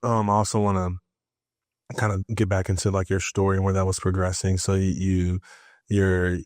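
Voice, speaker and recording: Soft-spoken low-voiced male host. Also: completely flat delivery, moderate pace, no room sound, clean studio sound. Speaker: podcast host. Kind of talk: interview.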